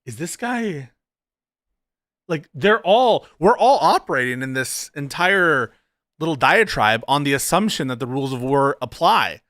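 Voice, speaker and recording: A man reacting to a debate clip with sarcasm and frequent swearing and laughter. His voice is bright and tense. The sound is dry and close, with no room around it. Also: on the high side, animated, normal speed, no room sound. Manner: sarcastic, profane, laughs often. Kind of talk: casual commentary.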